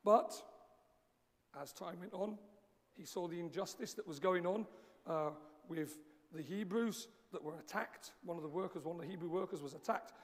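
A male preacher with a slightly croaky, fairly high voice delivers a sermon in an easygoing, conversational way. His words ring out into a long hall reverb, and he pauses often as he talks. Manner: measured, conversational preaching with frequent pauses and fillers. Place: church sanctuary, live-streamed service.

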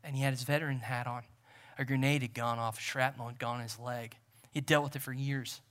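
A man's voice: mid-range voice, fairly even intonation, fairly quick, fairly bright tone. A man preaching a sermon as pastor, in a conversational style that repeats phrases for emphasis.

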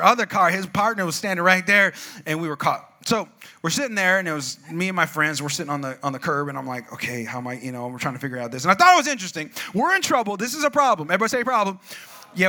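A man preaching a sermon, telling a funny personal story, acting out voices and shouting asides to the congregation. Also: sits high.

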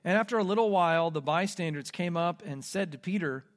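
A male pastor from the Midwest delivers a sermon, walking through a scripture passage verse by verse. He speaks in a fairly high voice and now and then acts out the quoted speakers. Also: brisk. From American Midwest. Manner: expository preaching, dramatizing quoted lines.

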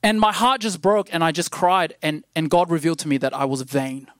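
A man's voice: on the high side, fairly even intonation, brisk, fairly bright tone, dry recording. Man, preacher, sermon, rambling, self-deprecating, dry close sound. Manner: grows emphatic toward the end.

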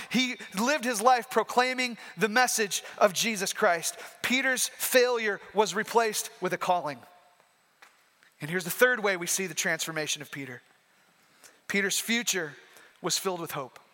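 A man's voice: sits high, normal speed, bright, forceful tone. A man preaching a sermon, emphatic and repeating his key points, heard in a reverberant hall.

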